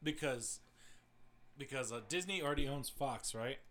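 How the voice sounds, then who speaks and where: A man's voice: mid-range voice, moderate pace, a bit bright. A young man chatting casually about upcoming superhero films, rambling and restarting his sentences often. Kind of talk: casual podcast chat.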